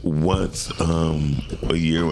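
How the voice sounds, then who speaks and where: A man co-hosting a morning talk show, telling a personal story in a casual, animated way and acting out other people's voices. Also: rumbling low, extremely slow, slight background noise. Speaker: co-host.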